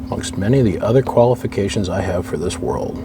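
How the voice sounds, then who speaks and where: Quick and animated, a low-voiced middle-aged man grumbles wryly to himself while fixing an amplifier, as a radio hobbyist does. The job resists him, and his loose, casual monologue plays over background noise.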